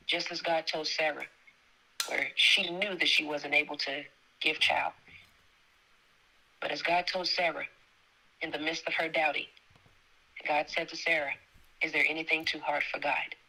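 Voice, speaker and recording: A woman's voice: low voice, fairly even intonation, a little slow, long pauses, sharp tone, low-quality recording. A woman giving an emphatic, preacher-like word of encouragement as a guest on a talk show. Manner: emphatic, repetitive, exhorting. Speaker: faith segment guest.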